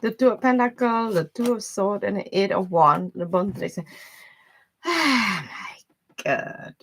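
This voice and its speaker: A woman's voice: mid-range voice, animated, takes it slowly, slight background noise. A woman giving a casual live-stream tarot reading, talking bluntly in loose, broken grammar and laughing often. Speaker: tarot reader.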